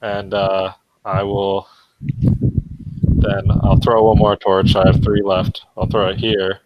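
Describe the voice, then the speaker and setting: Lowish-voiced man planning his moves aloud. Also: little pitch movement, takes it slowly, dull audio, very noisy. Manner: casual, plans moves aloud. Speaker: player. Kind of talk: casual tabletop play.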